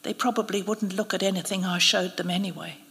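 A woman reading the quiet, dazed lines of a frightened young male priest who has been bitten by a snake, at a live literary reading. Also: fairly high pitch, lively intonation, measured pace, creaky, exaggerated voice. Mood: faint, bewildered. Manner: faint, murmuring, dazed. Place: live event venue. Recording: long reverb of a live event hall.

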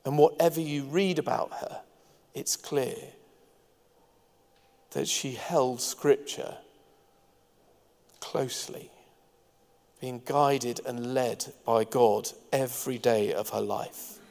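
A man's voice: mid-range voice, fairly even intonation, slow, gravelly, long pauses, darkish tone. A man preaching a sermon as pastor, earnest and engaging, with light asides to the congregation. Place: church hall. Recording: long hall reverb.

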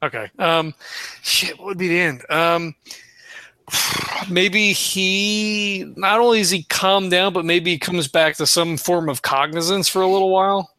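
A man telling his part in a tabletop game in an animated way, swearing a lot. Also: high-pitched, measured pace, dry recording. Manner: animated storytelling, swears often. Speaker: player. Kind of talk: casual tabletop role-play.

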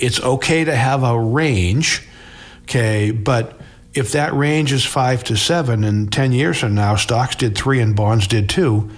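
This middle-aged man, a financial advisor, speaks at a medium pitch while answering interview questions in a chatty manner. He tends to restart words and frequently wraps up a point with "okay?".

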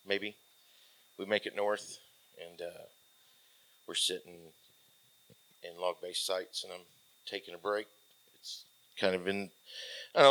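A man in his forties with a somewhat low voice tells a story from his military days in a loose, conversational way. He leans on fillers and restarts, and his sentences often trail off softly. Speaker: military veteran guest. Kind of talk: casual storytelling.

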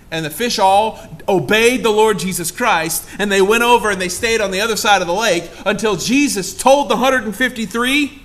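Pastor guy preaching, high bright voice, acts out the bible scenes big, loud then hushed, throws questions at the room. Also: normal speed, hardly any pauses. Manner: dramatic, acts out quoted lines with big shifts in pitch and volume; asks the congregation direct questions. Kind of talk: sermon.

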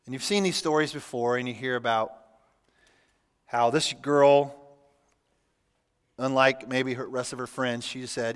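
A man preaching a sermon as pastor, reading scripture aloud and adding relaxed, humorous asides. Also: medium pitch, moderate pace, pauses often, clear, resonant tone. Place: church sanctuary. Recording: church hall with long reverb.

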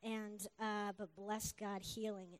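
A middle-aged woman preacher giving an earnest, animated sermon testimony. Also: medium pitch. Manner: earnest, animated, with quick asides and laughs.

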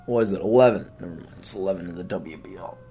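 A middle-aged man hosting a podcast, delivering a crude comedic monologue, mocking people with put-on quotes and getting loud when worked up. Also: low-pitched, quick pace, breathy edge. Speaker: podcast host.

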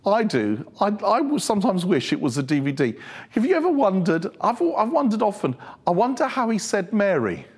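Male preacher, lively and animated, higher voice, humorous sermon delivery. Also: moderate pace, slightly rough.

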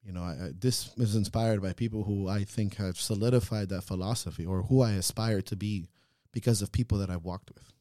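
A man co-hosting a podcast, talking in an earnest, reflective way that swings into loud, laughing rants. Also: fairly low pitch, fairly even intonation, fairly quick, few pauses, no room sound, studio quality. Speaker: podcast co-host. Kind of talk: casual reflective chat.

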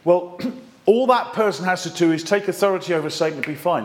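A man preaching a sermon, lively and conversational with jokey asides, reading scripture aloud with strong emphasis. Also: high-pitched, fairly quick.

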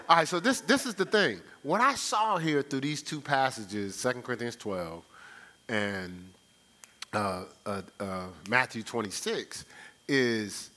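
A man, a pastor, preaching a sermon in a colloquial, animated way, acting out little scenes in different voices. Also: mid-range voice, takes it slowly, long pauses.

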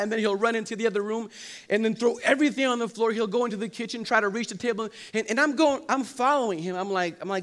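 Animated high-voiced young man preaching. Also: fast. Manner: animated storytelling, acts out quotes and jokes. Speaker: pastor. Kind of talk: sermon. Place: church hall.

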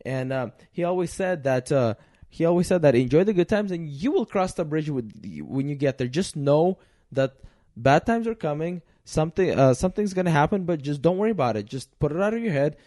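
A man's voice: a little high, lively intonation, fairly quick, mellow, dry recording. Earnest man, dry close sound. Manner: earnest, hesitant storytelling. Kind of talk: casual chat.

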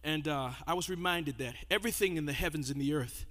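A man preaching and praying in church, shouting and half-singing his phrases, often stammering and repeating words. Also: on the high side, fast. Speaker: pastor. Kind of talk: fiery sermon and prayer.

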